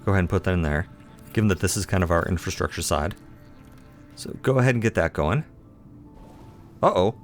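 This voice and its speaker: A man's voice: sits low, expressive, fairly quick, pauses often, soft background music. A man giving casual commentary while playing a game, chatty and playful, talking to himself and teasing himself as he goes. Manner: self-deprecating, playful. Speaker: let's play host.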